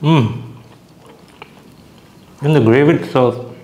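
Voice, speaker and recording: A young food vlogger chats casually about dishes while eating, hesitating, restarting sentences and talking with his mouth full. His voice is medium-pitched, slow and warm.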